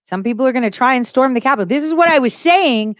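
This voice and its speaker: A woman's voice: sits high, lively intonation, quick pace, no room sound. Woman, livestream host, emphatic, repeats key words, full of conviction, dry close recording. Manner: emphatic, repeats phrases for stress. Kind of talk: casual livestream talk.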